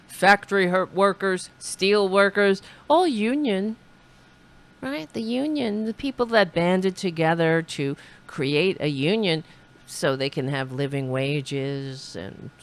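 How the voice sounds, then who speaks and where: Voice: mid-range voice, fairly bright tone. A comedic commentator reacting to clips with sarcastic, mocking remarks and repeated quotes.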